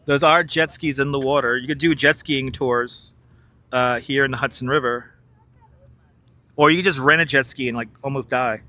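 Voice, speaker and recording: A man's voice: medium pitch, fairly even intonation, normal speed, bright, forceful tone, dry recording. A man hosting a live stream outdoors, joking, laughing a lot and chatting to viewers on a wireless clip-on mic. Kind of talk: live-stream walking commentary. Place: outdoors in Manhattan by the river.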